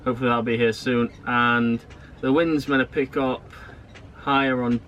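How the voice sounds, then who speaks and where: A man co-hosting a sailing vlog, talking casually in a halting, rambling way with many restarts. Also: medium pitch, level tone, fairly bright tone, dull audio, a little hiss or hum. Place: outdoors in a harbour town and on a marina pontoon.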